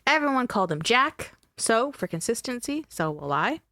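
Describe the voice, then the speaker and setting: A woman's voice: a little high, sing-song, moderate pace, pushed and bright, no room sound, studio quality. A woman hosting a podcast, telling a true-crime story in a chatty, joking, emphatic way. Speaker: podcast host.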